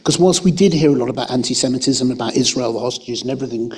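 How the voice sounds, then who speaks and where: A man with a husky voice addressing a formal meeting reflectively and inviting others to give their input. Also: mid-range voice, rapid-fire, a little mellow. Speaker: meeting panelist.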